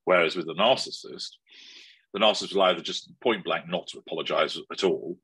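A man being interviewed, explaining things in a measured, analytical way. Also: deep voice, a bit bright, breathy edge, dry recording, poor audio. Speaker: interview guest. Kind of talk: conversational interview.

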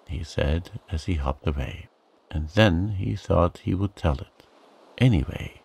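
A man reading a bedtime sleep story in a calm, soothing narration. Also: low-pitched, measured pace, gravelly, husky.

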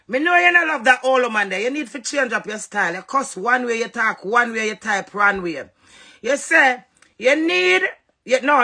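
A woman's voice: high voice, vocal fry, sharp tone. A Jamaican woman on a live stream, scolding another woman in a heated, confrontational rant, often mimicking what others said. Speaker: social media personality on a live stream.

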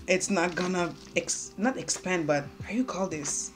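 A woman's voice: fairly low pitch, lively intonation, measured pace, few pauses. A young woman, talking casually and joking at herself as she does a makeup tutorial at home. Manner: chatty, self-mocking, talks while doing makeup. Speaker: beauty vlogger. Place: home room. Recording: faint music underneath.

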